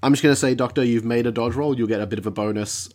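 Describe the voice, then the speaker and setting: A man narrating as game master over an online call, with a relaxed, wry and slightly halting delivery. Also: mid-range voice.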